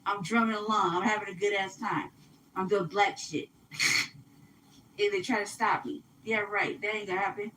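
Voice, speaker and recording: A woman telling a story in casual chat, animated and profane, acting out what people said. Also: mid-range voice, moderate pace, distant mic, slight background noise, low-quality recording.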